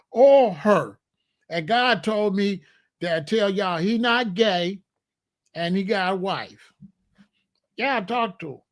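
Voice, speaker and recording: A man's voice: sits high, fairly bright tone. A man hosting a comedic monologue, preachy and full of rhetorical questions. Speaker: comedian host.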